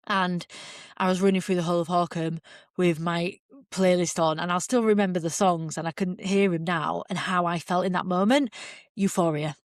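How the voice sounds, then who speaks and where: A woman from the UK, hosting a podcast, telling a long story in a chatty, animated way and acting out what people said. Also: lowish voice, no room sound, studio quality. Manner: chatty, animated, acts out quoted remarks. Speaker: podcast host. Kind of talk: casual storytelling monologue.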